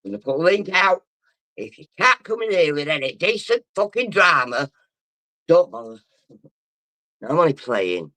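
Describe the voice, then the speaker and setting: A man's voice: fairly high pitch, big pitch swings, normal speed, pauses often, bright, forceful tone, dry recording. A drunk man rambling and swearing as he chats on a livestream and reads out comments. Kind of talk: casual livestream chat, reading comments.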